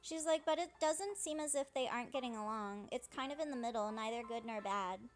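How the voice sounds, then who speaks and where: High-voiced woman paraphrasing game dialogue. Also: brisk, soft background music. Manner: chatty, paraphrases dialogue with "she's like". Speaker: fan dubber playing through a game. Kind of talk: casual let's-play narration paraphrasing game dialogue.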